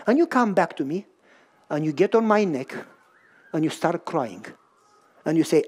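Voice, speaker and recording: A man's voice: a little high, expressive, moderate pace, pauses often, darkish tone, husky. A man preaching a sermon to a live audience, telling a story and acting out both sides of a dialogue while questioning his listeners directly. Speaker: pastor.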